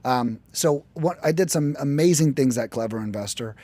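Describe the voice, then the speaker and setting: An American man telling his work story in a casual podcast chat, animated and profane, often acting out quoted voices. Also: mid-range voice, moderate pace, no room sound. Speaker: podcast guest, lead generation business owner.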